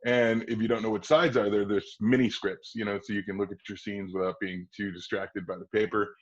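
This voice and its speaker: A man in his forties with a low voice tells a rambling story as a podcast guest, jumping into other people's voices along the way. The sound is dull and lo-fi. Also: brisk. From Kenosha, Wisconsin. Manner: lively raconteur who acts out quoted voices and laughs often. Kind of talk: anecdotal storytelling.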